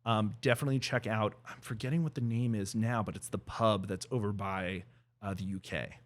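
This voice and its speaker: A man's voice: on the low side, steady tone, a little fast. A man co-hosting a podcast in easygoing casual chat, often stopping to search for words. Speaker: podcast co-host.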